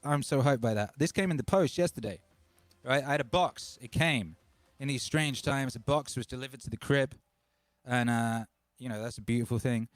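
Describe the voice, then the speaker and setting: A man in his forties from England, hosting a home livestream in an excitable, rambling way, talking into a microphone run through a DJ mixer. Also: mid-range voice, no room sound. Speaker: livestream host and DJ. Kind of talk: casual livestream chat. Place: home studio. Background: faint music bed.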